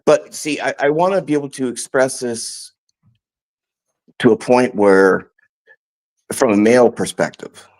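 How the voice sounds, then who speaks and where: A man's voice: medium pitch, measured pace, long pauses, a little mellow, low-quality recording. A man speaking as an interview guest, recounting his experiences hesitantly and searching for words.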